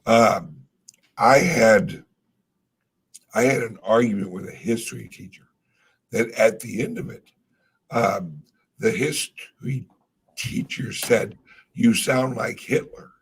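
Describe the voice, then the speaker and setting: A man's voice: fairly low pitch, slow, long pauses, slightly rough. A man in casual chat, rambling through stories, trailing off and swearing casually. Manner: laid-back storytelling. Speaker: podcast co-host.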